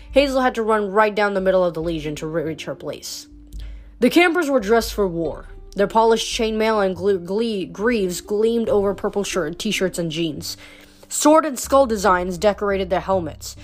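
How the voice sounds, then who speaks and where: A woman reading a novel aloud, unpolished, with frequent slips and restarted words. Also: mid-range voice. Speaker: audiobook reader.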